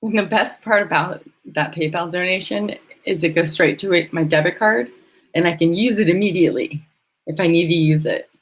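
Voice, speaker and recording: A woman's voice: lowish voice, moderate pace, slightly rough, rough recording. A woman hosting a casual live stream from a hotel room, emotional and effusive as she thanks her viewers. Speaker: livestream host.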